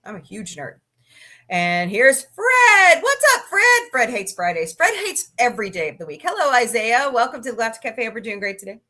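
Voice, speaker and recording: A livestream host talks fast and with very animated delivery, her slightly high voice a bit bright and husky, rarely pausing. Chatting from home with cats around, she greets the chat and reads live comments, goofy and quick to laugh.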